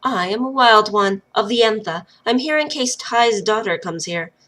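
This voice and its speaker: A stern warrior woman who lectures and warns in a cold, commanding way, as a woman reading aloud voices her. Her tone stays bright and firm. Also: medium pitch, animated, moderate pace.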